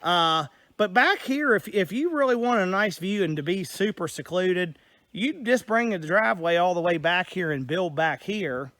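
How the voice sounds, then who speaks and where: A man's voice: high-pitched, animated, normal speed, a bit bright, no echo. A man, a real estate agent rambling casually through a property tour while a little out of breath, walking outdoors in the woods. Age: 40s. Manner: rambling, loose, plainspoken, many fillers. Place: outdoors in wooded hillside land.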